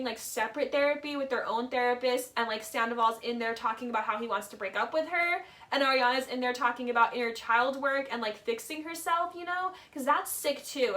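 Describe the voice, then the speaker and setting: Bright, high-voiced woman ranting about a show. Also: fairly quick, few pauses, recorded from a distance. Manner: chatty, opinionated, heavy on "like" and "literally"; acts out quoted lines in mock voices. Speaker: reality TV commentator. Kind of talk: casual video essay commentary.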